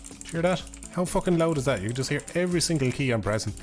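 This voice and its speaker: A man's voice: a little high, lively intonation, rapid-fire, soft background music. A young Irish man chatting casually on a live stream, rambling, laughing and swearing offhandedly into a desk microphone.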